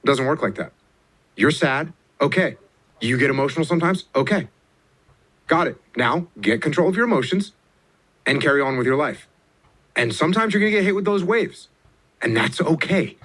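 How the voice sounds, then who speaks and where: Blunt, emphatic man with a higher voice. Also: expressive, normal speed, long pauses. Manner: blunt and repetitive, with sharp rises in pitch on key words. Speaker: former military officer giving advice. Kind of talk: emphatic motivational talk.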